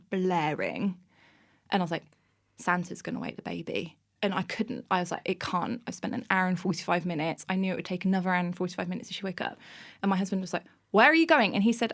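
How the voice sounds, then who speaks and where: Animated woman telling stories. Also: fairly low pitch, creaky. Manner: animated, laughing, self-mocking anecdotes. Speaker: podcast guest, author. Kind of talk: casual interview storytelling.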